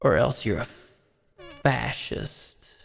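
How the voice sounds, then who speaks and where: A man's voice: a little high, slow pace, gravelly, a bit bright, exaggerated voice. A man voicing a self-righteous woman pundit in a comedy sketch, preachy and repeating one word, in an echoey hall. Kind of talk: comedy sketch role-play.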